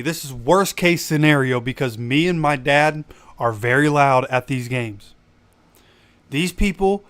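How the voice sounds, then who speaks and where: With a fairly high, fairly bright voice and no echo in the recording, this man hosts a fan livestream. He rants with animation and preaches right at his viewers, his voice still on the mend after he lost it.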